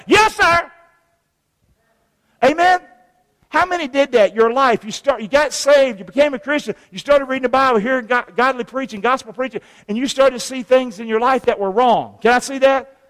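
High-voiced preacher in a hall. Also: male voice. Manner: preaching call-and-response, rising to shouts. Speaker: pastor. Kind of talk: sermon. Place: church sanctuary.

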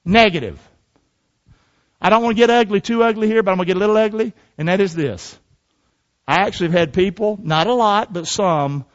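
A man's voice: high-pitched, dull audio. A middle-aged male pastor preaching a sermon in a call-and-response style, often asking the congregation "amen?".

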